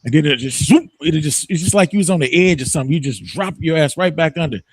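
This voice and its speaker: A man spins a story on a morning talk show, his voice sitting a bit high. He talks loose and profane, breaking into loud laughs. The sound is close and dry, with no room echo. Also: animated, quick pace, breathy edge. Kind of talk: casual chat.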